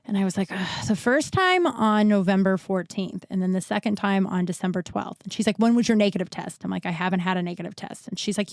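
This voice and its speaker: A woman's voice: mid-range voice, dry recording. A woman hosting a podcast, telling a long personal story in a chatty way, swearing now and then and acting out the people she quotes, sounding a little winded while recovering from illness. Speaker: podcast host. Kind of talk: casual storytelling monologue.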